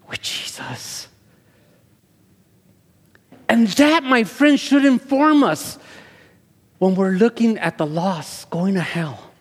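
Man, pastor, Spanish native speaker, sermon, husky, long hall reverb. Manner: builds to loud, high-pitched preaching, with restarts.

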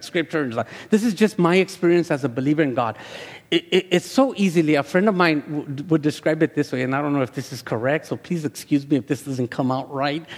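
A male pastor who speaks Spanish as his first language, preaching a sermon that swells into loud, high-pitched passion. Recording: echoey hall with long reverb.

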